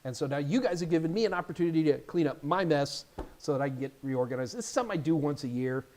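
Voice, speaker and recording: A man hosting a casual live Q&A stream as an IT certification instructor, chatty and animated, with jokey asides. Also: on the high side, fast talker, a little hiss or hum.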